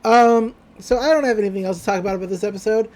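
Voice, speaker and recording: A woman's voice: mid-range voice, rapid-fire, a little mellow. A young woman co-hosting a podcast, chatting casually and rambling through an episode recap. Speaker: podcast co-host.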